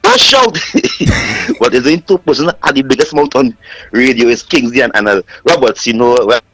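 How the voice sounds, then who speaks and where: A man's voice: medium pitch, a little fast, husky, no echo, low-quality recording. A man calling in to a radio talk show, speaking with passion and firing off rhetorical questions. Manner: impassioned, repetitive rhetorical questions. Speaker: caller. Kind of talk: call-in radio rant.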